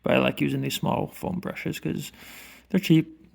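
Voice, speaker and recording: Here a man with a gravelly, somewhat high voice narrates his woodworking project at a measured pace. He's a woodworking vlogger chatting casually to himself as he works, rambling along and falling to a hushed whisper for the delicate parts.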